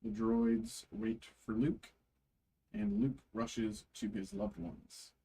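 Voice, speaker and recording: Slow gravelly man reading card names. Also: a little high, big pitch swings, warm tone, low-quality recording. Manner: slow, halting reading with frequent fillers. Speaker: card break host. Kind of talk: reading card names aloud during a live card break.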